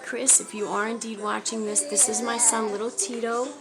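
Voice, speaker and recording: A woman's voice: a little high, little pitch movement, normal speed. A woman, speaking to camera from a shelter, pleading urgently and from the heart for help. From New York. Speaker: mother appealing for help. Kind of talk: emotional personal appeal to camera. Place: homeless shelter. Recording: music clearly behind.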